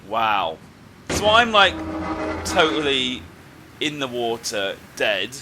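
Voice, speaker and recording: Excitable man narrating his gameplay. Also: slow, noisy background. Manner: excitable, raises his voice high when annoyed; casual and chatty, drops to calm when signing off. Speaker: video game YouTuber. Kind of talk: gameplay commentary.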